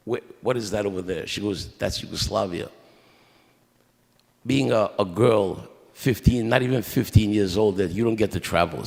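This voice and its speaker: A man telling his family's history at a memorial mass, in a conversational, halting way with many restarts and quoted dialogue. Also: lowish voice, gravelly, a little mellow, in a large hall. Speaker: eulogy speaker at a memorial mass. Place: church.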